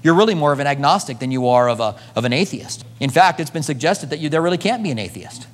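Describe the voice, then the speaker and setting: A man preaching a sermon, moving between loud emphasis and hushed asides, then leading a prayer. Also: a little high, animated, fast, big-room sound. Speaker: pastor.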